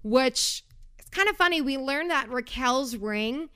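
A woman's voice: high voice, animated, unhurried, bright, forceful tone, clear, resonant tone. A young woman hosting a casual podcast, chatty and sarcastic, going off on tangents while recapping a reality show. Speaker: podcast host.

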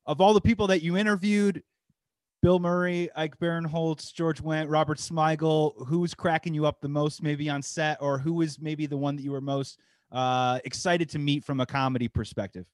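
A man's voice: fairly high pitch, flat delivery, normal speed, no echo. A man hosting a podcast, enthusiastically interviewing a guest in a casual conversation. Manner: enthusiastic, effusive praise. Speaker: podcast host.

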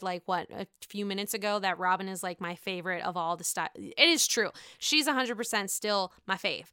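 A woman recapping a reality TV episode in a casual, gushing way, excitable and swearing freely. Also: mid-range voice, clear, resonant tone, no room sound, studio quality.

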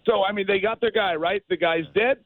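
A man, a former fighter as a guest, telling stories in a podcast interview, animated and emphatic. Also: high-pitched, brisk, rough recording.

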